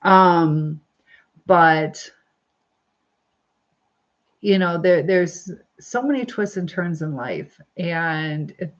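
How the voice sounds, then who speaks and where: A woman's voice: lowish voice, extremely slow, pauses often, lo-fi sound. A woman hosting a casual livestream, reading viewer comments aloud in a chatty, upbeat way, laughing often and using lots of fillers. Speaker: livestream host. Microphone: phone or webcam livestream.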